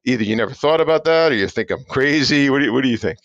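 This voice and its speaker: A man co-hosting a podcast, talking in an emphatic, animated way and asking rhetorical questions. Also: mid-range voice, very fast, no room sound, dull audio. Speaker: podcast co-host. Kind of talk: conversational podcast talk.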